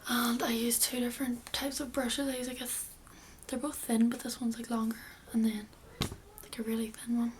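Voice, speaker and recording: A woman's voice: a little high, level tone, normal speed, a little hiss or hum. A young woman giving a casual makeup tutorial, chatty and rambling, often dropping into a half-whisper. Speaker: beauty vlogger.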